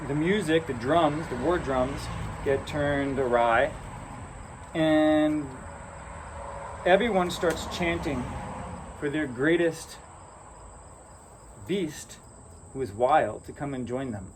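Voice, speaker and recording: A man's voice: a little high, slow, long pauses, noisy background. A man telling an improvised folk tale in a loose, chatty way, with asides and restarts. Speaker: storyteller. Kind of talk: improvised oral storytelling. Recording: outdoor recording with loud crickets.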